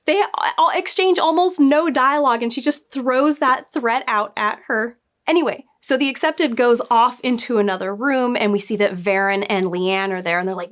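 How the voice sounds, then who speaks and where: A woman's voice: fairly high pitch, normal speed, a bit bright. Give me a young adult woman casually recapping a show, chatty and full of asides. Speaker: show reviewer. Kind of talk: casual review.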